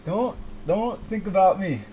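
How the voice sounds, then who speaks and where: Death, cast as a timid spirit, hangs back and mumbles low, apologetic words, played by a man in an improvised comedy bit. The voice stays low, soft and hesitant, full of stalls. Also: unhurried, highs cut off, slight background noise. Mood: sheepish. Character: Death, sheepish lurking male spirit.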